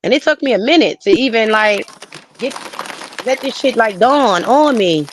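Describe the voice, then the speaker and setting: A woman's voice: a little high, lively intonation, normal speed, slight background noise. A woman recounting a painful memory in a casual conversation, speaking bluntly and emotionally and swearing freely. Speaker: friend sharing memories.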